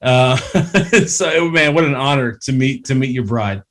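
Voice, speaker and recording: A man hosting a podcast interview over a call, talking haltingly with many restarts and getting choked up. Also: mid-range voice. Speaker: podcast host. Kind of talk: emotional casual interview chat.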